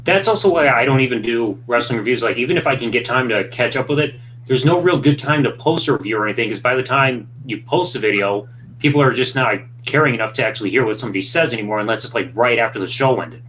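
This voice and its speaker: A man's voice: mid-range voice, quick pace, a bit bright, a little hiss or hum. A man from Michigan chatting casually and offhandedly as a co-host. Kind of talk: casual chat.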